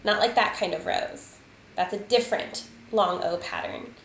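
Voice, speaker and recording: A woman teaching a spelling lesson to children, patient and deliberate, sounding out letters and counting aloud. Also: medium pitch, fairly bright tone. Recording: echoey room, faint ambient noise.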